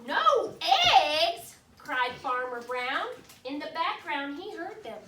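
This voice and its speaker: A high, animated woman's voice reads a picture book to a class, slow and bright, stopping often to ask patient questions. She is heard from across an echoey classroom with a faint hiss behind her. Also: far from the mic. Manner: patient, questioning, explains words simply. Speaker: teacher. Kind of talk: read-aloud to a class.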